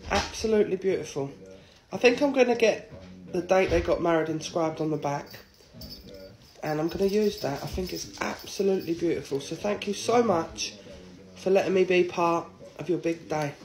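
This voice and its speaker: A man's voice: sits high, normal speed, slight background noise. A man chatting casually to his phone camera, sentimental and jokey. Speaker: TikTok vlogger.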